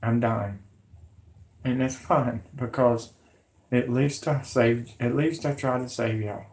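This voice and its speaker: Hoarse man ranting agitatedly. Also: medium pitch, fairly even intonation, slow pace, darkish tone. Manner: agitated, repetitive, pleading. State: hoarse, sick voice. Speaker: conspiracy vlogger. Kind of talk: rambling monologue to camera.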